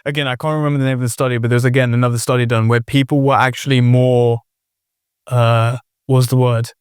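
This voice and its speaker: A man hosts a podcast in a relaxed, casual conversation. He talks hesitantly, filling gaps with fillers while he searches for the right words. His pitch sits mid-range, and the sound is close and dry. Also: brisk, smooth, no echo. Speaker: podcast host.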